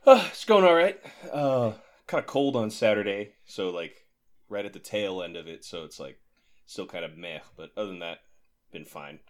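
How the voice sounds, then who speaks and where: A man's voice: fairly low pitch, animated, moderate pace. A man with a stuffed-up voice from a cold, chatting in a laid-back, self-deprecating way on a podcast. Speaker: co-host. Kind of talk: casual podcast chat.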